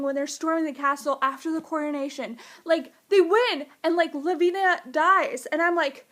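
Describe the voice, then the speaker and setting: A woman reviewing a book in a casual vlog, gushing and excitable, jumping up into high squeals. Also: normal speed.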